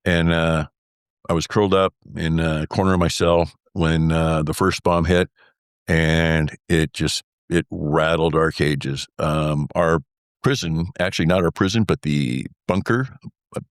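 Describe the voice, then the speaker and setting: Deep-voiced older man telling a war story. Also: steady tone, a little slow, no echo, clean studio sound. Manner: rambling, full of fillers like "uh" and "anyway"; acts out remembered dialogue. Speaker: former military pilot telling his story as guest. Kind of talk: conversational storytelling interview.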